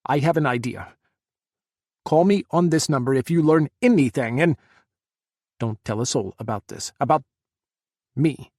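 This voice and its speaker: A man's voice: mid-range voice, measured pace, long pauses, darkish tone, dry recording, clean studio sound, natural voice. A man voicing a grieving former president who pleads urgently for help. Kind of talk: audiobook character voice.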